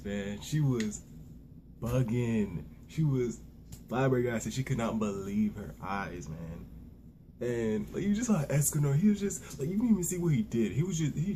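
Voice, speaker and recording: Excitable young man ranting casually. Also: mid-range voice, a little hiss or hum. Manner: excitable, profane, animated retelling with many restarts. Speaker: manga reviewer. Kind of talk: casual solo review rant.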